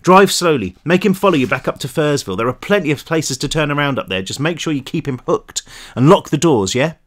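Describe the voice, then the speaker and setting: Man playing a take-charge teen boy, urgent, pitched up, storybook reading. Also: big pitch swings, a little fast. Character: bold teenage boy, quick leader.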